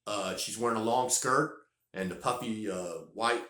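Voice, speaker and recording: A man's voice: on the low side, moderate pace, reverberant. A man, telling a rambling, folksy story in casual vlog style. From North Carolina. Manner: folksy, rambling, repeats words when excited. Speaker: vlogger.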